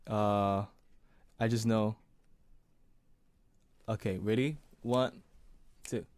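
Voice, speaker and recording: Male singer-songwriter guest, casual and relaxed, mid-pitched voice, halting restarts, dry close sound. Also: no room sound. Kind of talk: casual interview chat.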